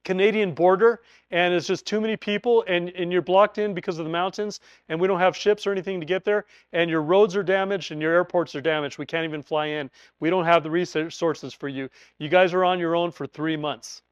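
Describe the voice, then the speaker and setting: A man voicing a male emergency agency announcer who gives bad news in a flat, official manner, heard on a dull, lo-fi recording. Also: sits high, smooth, no room sound, natural voice.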